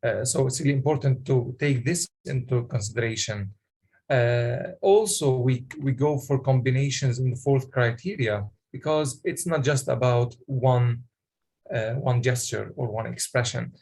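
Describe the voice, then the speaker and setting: A man presenting a workshop, explaining in a halting way with many pauses and questions to the audience. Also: mid-range voice, a little mellow, husky.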